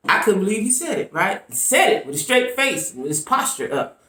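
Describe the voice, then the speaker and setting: A woman chatting through her vlog commentary with a lively, swooping voice, leaning on quick asides to her viewers. The recording carries a roomy echo around her. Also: mid-range voice. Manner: animated, chatty, frequent "right?" asides. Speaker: YouTube commentator.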